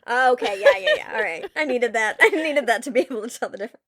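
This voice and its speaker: A woman co-hosting a podcast, reacting with quick, giggly banter. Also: fairly high pitch, lively intonation, fairly bright tone, no room sound, studio quality. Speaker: podcast co-host. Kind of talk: casual chat.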